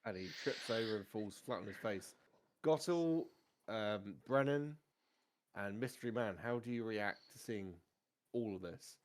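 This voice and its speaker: A man, narrating a tabletop game as game master in a relaxed, chatty way. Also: on the low side, measured pace.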